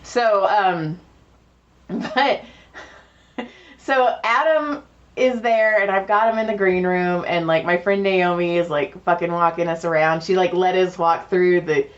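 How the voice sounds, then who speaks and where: A woman co-hosting a podcast, telling animated stories in casual chat, often laughing and swearing. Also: lowish voice, measured pace. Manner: animated storytelling with laughs and profanity. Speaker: podcast co-host. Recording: dull lo-fi sound.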